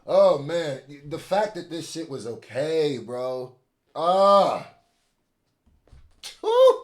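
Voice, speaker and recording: A man's voice: on the high side, slow, mellow. A man hosting a reaction video, reacting with emphatic slangy interjections. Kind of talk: reaction commentary.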